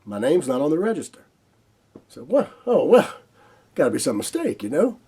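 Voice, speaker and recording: High-pitched Southern man telling a story. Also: normal speed, husky. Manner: animated, laughs often and acts out quoted dialogue. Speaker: host. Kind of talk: casual spoken storytelling.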